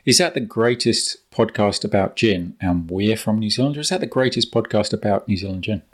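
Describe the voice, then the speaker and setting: A man with a Cockney accent co-hosting a casual podcast. His voice sits a little low, and he talks in a dry, hesitant way with plenty of ums. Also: brisk. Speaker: podcast co-host. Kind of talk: casual chat.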